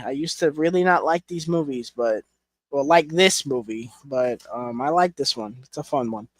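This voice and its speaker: A man's voice: on the high side, normal speed, dry recording. A young man chatting casually as a collection reviewer, rambling with fillers and frank swearing. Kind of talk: casual chat.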